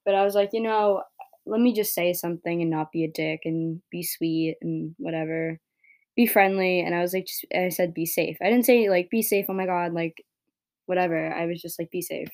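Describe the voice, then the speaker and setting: A woman's voice: on the low side, fairly even intonation, moderate pace, darkish tone. A young woman hosting her own podcast, talking in a rambling casual monologue full of "like" and "right?", swearing freely and getting heated when frustrated. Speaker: podcast host.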